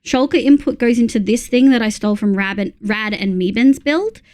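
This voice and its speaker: A woman's voice: on the high side, moderate pace, darkish tone. Chatty Australian woman streamer. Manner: chatty, rambling, lots of fillers and restarts. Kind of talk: casual live-stream commentary while gaming.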